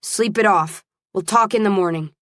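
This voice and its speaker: A woman's voice: mid-range voice, moderate pace, fairly bright tone, no room sound, studio quality, close to an everyday voice. A woman voicing a possessive young male college fighter who growls controlled, menacing threats, in an audiobook. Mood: firm.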